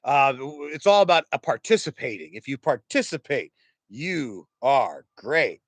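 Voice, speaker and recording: A pastor quoting a placating youth football coach. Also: male voice, medium pitch, big pitch swings, unhurried, no room sound. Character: smooth-talking youth football coach, adult man.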